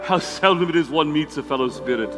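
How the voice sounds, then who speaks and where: An actor playing a self-satisfied judge in a live stage musical, sly and then startled. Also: male voice, on the high side, a little fast, lightly acted. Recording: live stage audio in a reverberant hall with music.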